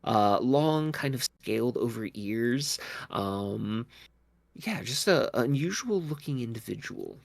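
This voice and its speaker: A man narrating a tabletop game as game master, with many pauses and fillers. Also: mid-range voice, animated, creaky, dry recording. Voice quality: slow, filler-laden narration.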